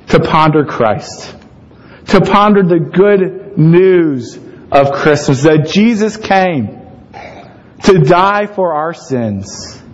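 Animated, conversational man preaching. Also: a little high, muffled recording. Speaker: pastor. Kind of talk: sermon.

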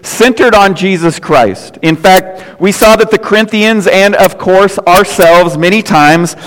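Older pastor preaching in a reverberant hall. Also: male voice, high voice, a little slow. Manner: folksy storytelling with jokes and asides. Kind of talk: sermon. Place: church sanctuary.

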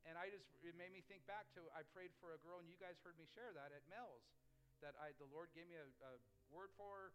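A man's voice: sits high, fairly quick, fairly bright tone, low-quality recording. A man preaching a sermon as a pastor, telling stories in a conversational way with frequent restarts.

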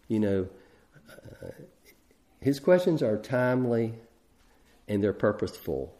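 Low-voiced man preaching conversationally. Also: very animated, takes it slowly, warm tone. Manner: conversational preaching with frequent restarts. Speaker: pastor. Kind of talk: sermon.

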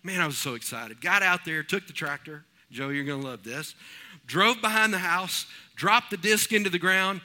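Bright-voiced pastor preaching. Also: male voice, high voice, normal speed. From East Texas. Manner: folksy storytelling, animated. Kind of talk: sermon.

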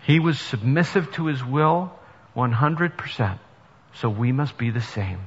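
A man's voice: mid-range voice, a little slow, husky. A male pastor giving an earnest sermon that rises to emphatic preaching in a church. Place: church sanctuary. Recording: dull sound with long reverb in a hall.

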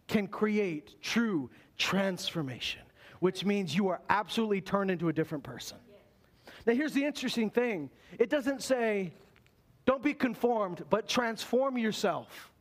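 Male pastor, high voice, conversational preaching that turns slow and deliberate on scripture. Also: lively intonation. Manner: earnest preaching, slows down on scripture quotes, conversational asides. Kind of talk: sermon.

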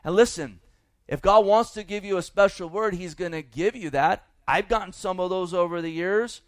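A man's voice: sits high, normal speed, no room sound. A man preaching a sermon as pastor, folksy and emphatic, with asides to the congregation.

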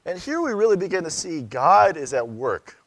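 A man in his thirties preaches in a casual, searching tone, posing questions to his listeners and now and then jumping up in volume for emphasis. His voice sits a bit higher than most men's, and the sound is close and dry. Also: very animated, moderate pace, no room sound. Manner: conversational, searching, with rhetorical questions and sudden loud emphasis. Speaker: pastor. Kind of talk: sermon.

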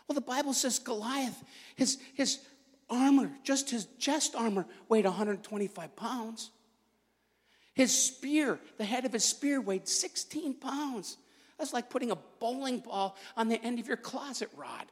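A man's voice: extremely high pitch, a little slow. A man giving a sermon in a church, joking at his own expense in a conversational manner. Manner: jokey, self-deprecating, conversational. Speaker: guest preacher. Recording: echoey hall.

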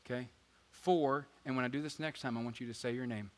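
A man preaching a sermon as pastor, energetic and joking, swinging between loud emphasis and quiet asides. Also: medium pitch, fairly quick. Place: church sanctuary. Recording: church hall reverb with faint guitar.

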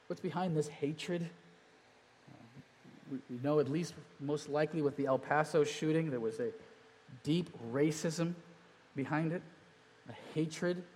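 A man preaching a sermon as pastor, earnest, with pauses and restarts. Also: a little high, a little mellow, a little hiss or hum. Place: church sanctuary. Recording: long church reverb.

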